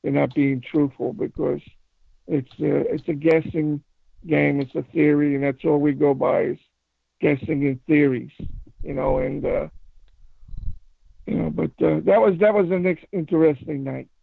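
Gravelly guy rambling over a tinny phone line, keeps restarting, dry sound. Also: a little high, no echo. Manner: rambling, halting with many restarts and fillers. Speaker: paranormal investigator guest. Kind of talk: casual phone interview storytelling. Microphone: phone call.

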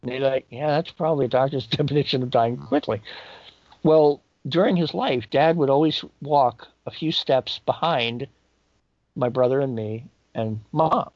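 A man telling a personal story in a halting, reflective way, jumping up in pitch when he quotes people. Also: no room sound. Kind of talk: personal anecdote. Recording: dull lo-fi dry recording.

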